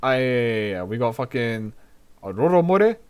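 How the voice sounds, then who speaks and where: A man's voice: medium pitch, fairly even intonation, fairly quick, clear, resonant tone. A young man, a VTuber host giving a laid-back, profane language lesson and laughing often. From New Zealand.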